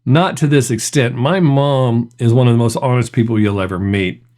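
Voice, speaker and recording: A man's voice: medium pitch, normal speed, darkish tone. A middle-aged man hosting a reaction video, telling stories in a chatty way and laughing often. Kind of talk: casual reaction commentary.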